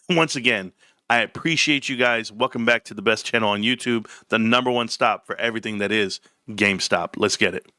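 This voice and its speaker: A man hosting a casual livestream, talking brashly and joking, dropping to low mutters and then jumping to high outbursts. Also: normal speed, pushed and bright. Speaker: livestream host.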